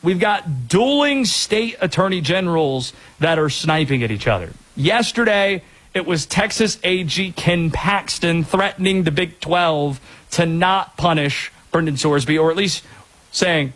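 A man hosting a sports talk show, chatting in a loose, digressive way with quick asides. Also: fairly high pitch, lively intonation, fairly bright tone, rough recording. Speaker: sports radio host.

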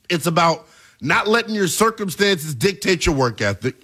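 A young man in his twenties hosts a sports talk show with emphatic, hyped energy. His voice sits high and bright, swinging widely in pitch as he punches his points home. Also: very animated, unhurried. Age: 20s. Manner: emphatic, hyped, shouting at peaks. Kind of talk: animated sports talk commentary.

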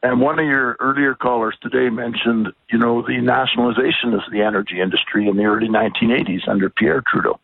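A man from British Columbia calling in to a radio talk show, speaking in a measured, thoughtful way with pauses and fillers. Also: medium pitch, fairly even intonation, no room sound. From British Columbia, Canada. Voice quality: husky, gravelly. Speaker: caller. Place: outdoors on a bike ride. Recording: tinny dry phone line.

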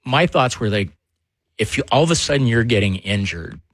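A man, co-hosting a casual sports talk show and telling animated stories. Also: medium pitch, moderate pace, dry recording, clean studio sound. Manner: animated storyteller, laughs often. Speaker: sports radio co-host, former player.

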